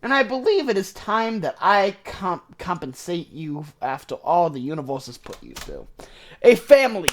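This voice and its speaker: A man's voice: high-pitched, very animated, moderate pace. A man voicing a scheming male shadow entity that offers deals, in a grand, coaxing, theatrical voice. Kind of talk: voiced game dialogue reading.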